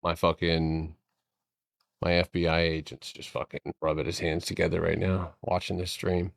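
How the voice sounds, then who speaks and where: Deep-voiced, profane trading streamer. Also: male voice, flat delivery, normal speed, creaky, no room sound, studio quality. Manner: profane, joking, thinking aloud. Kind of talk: casual live-stream chat.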